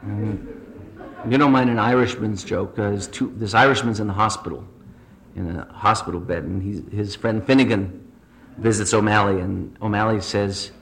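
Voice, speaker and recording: A man's voice: on the low side, steady tone, moderate pace, fairly bright tone, slight background noise. A man telling a string of jokes to a recovery group, chuckling through his punchlines. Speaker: speaker at a recovery meeting. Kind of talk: stand-up joke telling.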